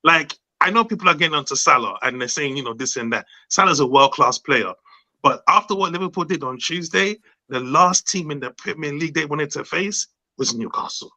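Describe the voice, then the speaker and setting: A man chatting excitedly as a guest on a fan podcast, gushing and laughing as he talks. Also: a little high, rough recording. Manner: animated, gushing, quick to laugh. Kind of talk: excited casual chat.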